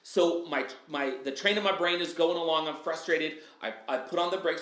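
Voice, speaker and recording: Man, podcast guest, animated, acts out quotes, fairly high voice, echoey room. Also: fairly quick, few pauses. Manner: energetic, acts out his own quotes, says "right?" and "dude" often. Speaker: guest speaker. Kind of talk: casual podcast chat.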